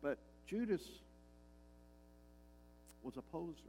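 A man's voice: a little high, lively intonation, takes it slowly, mellow, husky, faint music behind, rough recording. A male pastor preaching a sermon, emphatic and repeating his key lines, with frequent rhetorical questions to the congregation.

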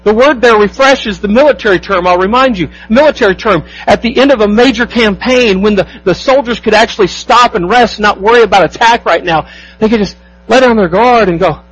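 Husky high-voiced male preacher. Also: fairly quick, a bit bright, low-quality recording. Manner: emphatic preaching with rhetorical questions to the congregation. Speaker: pastor. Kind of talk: sermon.

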